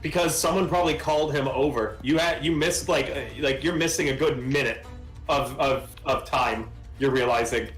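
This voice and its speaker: A man's voice: mid-range voice, normal speed, a bit bright, soft background music. Man, game master, casual narration, rambling, roomy echo.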